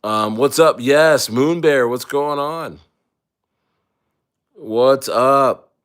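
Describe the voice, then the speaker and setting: A man's voice: medium pitch, extremely slow, fairly bright tone, clean tone. A man chatting casually on a livestream, loose and rambling with jokes and restarts, a little tipsy from wine. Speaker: crypto livestreamer.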